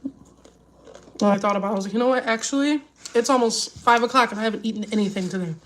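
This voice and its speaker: A woman's voice: fairly high pitch, fast, fairly bright tone, slight background noise. A woman and mother chatting casually with viewers, worried and rambling with many restarts, upset and near tears. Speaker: vlogger. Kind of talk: casual live chat with viewers.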